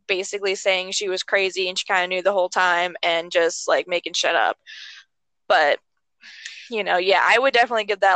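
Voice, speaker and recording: A young woman chatting casually about a movie, animated and swearing freely, sometimes jumping into high squeaky voices to act out characters. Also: no room sound, rough recording. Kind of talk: casual chat.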